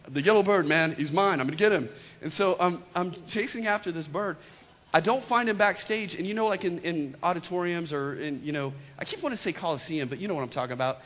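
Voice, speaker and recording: A middle-aged man preaching a sermon as pastor, emphatic and repeating key lines, with joking storytelling asides. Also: high voice. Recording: dull lo-fi recording in a reverberant hall.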